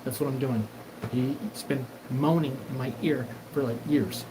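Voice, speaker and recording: A man's voice: medium pitch, unhurried, background noise. A man hosting his own show, talking in a profane, meandering solo monologue and acting out quoted dialogue. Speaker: show host.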